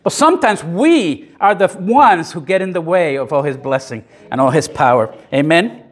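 A man preaches a sermon in a church. His high voice swings widely in pitch, climbing on emphatic points and dropping low and soft on solemn ones. He talks conversationally, pausing for the congregation's amens. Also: expressive. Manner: conversational, with self-deprecating asides. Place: church sanctuary.

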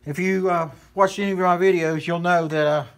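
A man's voice: sits high, steady tone, fairly quick, a bit bright. A man from West Virginia with a West Virginia accent, folksy and rambling with many fillers as he walks through a hands-on how-to demonstration. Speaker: hunting channel host.

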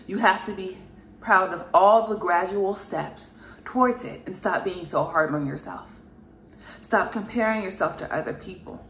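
A woman's voice: on the low side, a bit bright. A woman giving an earnest spiritual reading to camera, emphatic and repeating herself, with frequent sighs. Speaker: spiritual reader. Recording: echoey room with faint noise.

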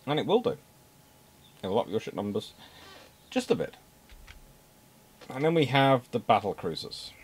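A man's voice: medium pitch, animated, a little fast, breathy edge. A man giving an unscripted naval history talk, emphatic, repeating words for stress and adding dry asides.

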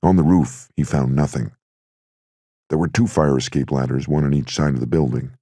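A man giving steady, gritty scripted narration of an audiobook. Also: extremely low pitch, normal speed, no room sound, studio quality.

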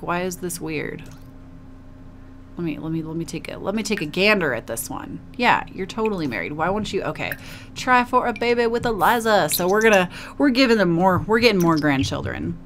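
A woman's voice: fairly low pitch, lively intonation, normal speed, slight background noise. A woman casually narrating a life-simulation game, chatty and emotive, cooing at her characters. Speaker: gaming video host. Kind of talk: casual let's play commentary.

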